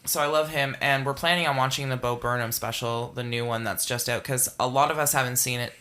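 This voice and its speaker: Man, earnest casual chat, filler words, bright tone. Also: medium pitch, steady tone, a little fast. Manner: earnest, talks with many fillers.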